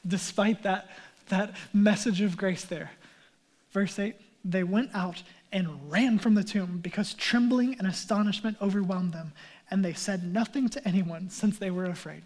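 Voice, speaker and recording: A male pastor preaching an Easter sermon, animated, acting out quoted lines and dropping to near whispers. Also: sits high, unhurried.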